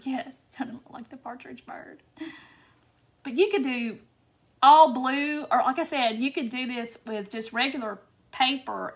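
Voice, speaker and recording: A woman's voice: a little high, fairly bright tone. A woman hosting a live craft tutorial, chatty and laughing often as she reads viewer comments by name. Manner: giggly, keeps breaking into laughter. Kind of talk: casual live-stream chat.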